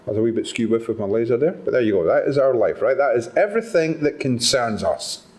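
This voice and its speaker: A man's voice: mid-range voice, sing-song, fast, a little mellow. A Scottish man giving an engaging live talk at a conference, drawing the audience into participation. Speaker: conference speaker. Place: conference hall.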